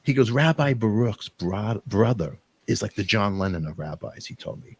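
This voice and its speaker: A middle-aged man hosting a talk show, rambling through animated, emotional storytelling and quoting friends. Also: fairly low pitch, moderate pace, breathy edge, no echo. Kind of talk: emotional casual chat.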